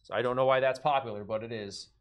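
A man's voice: medium pitch, fairly even intonation, fast talker, clean tone. Young man, card break host, casual live-stream chat, laughs often, calls out cards.

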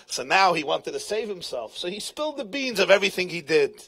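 A rabbi tells a story to a live crowd in a bright, husky voice that rides high and swings widely. He acts out the characters with animated delivery and drops Hebrew and Yiddish terms into his speech. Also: a little fast. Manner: animated storyteller, acting out voices, laughing often. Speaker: rabbi and speaker. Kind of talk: storytelling talk at a live event. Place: event tent.

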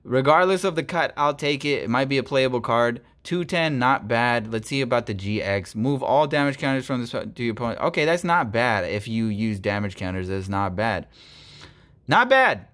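A young man opening trading cards on his channel, talking excitedly and grumbling between pulls. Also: medium pitch, a little fast, few pauses. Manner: animated, swings between squeals and grumbling. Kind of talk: excited card-opening vlog.

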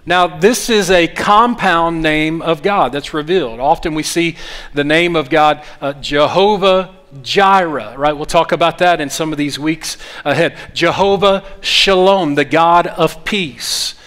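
A man preaches a sermon, his voice sitting a little high for a man. He talks earnestly, stumbling through fillers and restarts. He leads his congregation in call-and-response. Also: measured pace, a bit bright. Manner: call-and-response, urges the congregation to repeat after him. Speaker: pastor.

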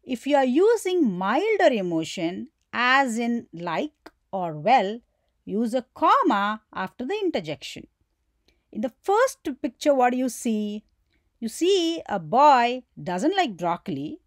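A woman's voice: on the high side, very animated, takes it slowly, no room sound, clean studio sound. A woman teaching a grammar lesson, who poses questions to her viewers and answers them herself, and acts out the example exclamations.

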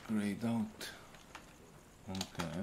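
Gaming host, man, slow and unhurried, thinks out loud while playing; heavy keyboard clatter and clicks in the mix. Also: lowish voice, background noise. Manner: thinks aloud while playing, muttering to himself. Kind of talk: casual gameplay commentary.

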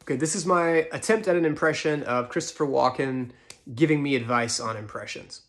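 Deadpan man with a gravelly voice. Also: fairly high pitch, brisk. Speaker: comedian presenting impressions. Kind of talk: casual comedy introductions.

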